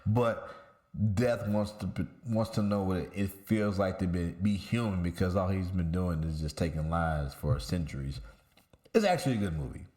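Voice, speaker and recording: A man with a fairly low voice hosts a casual podcast among friends. He tells stories in a loose, rambling way, swears freely and restarts his sentences as he goes. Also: moderate pace, darkish tone. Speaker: podcast host. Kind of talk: casual chat.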